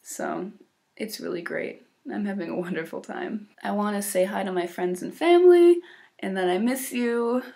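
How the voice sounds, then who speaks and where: A woman's voice: medium pitch, moderate pace, vocal fry, mellow. A teenage girl from Illinois with an American accent, talking casually and upbeat in a video diary about her exchange year. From Illinois, USA. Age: teens. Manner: chatty, upbeat, with fillers and small laughs. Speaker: exchange student vlogger.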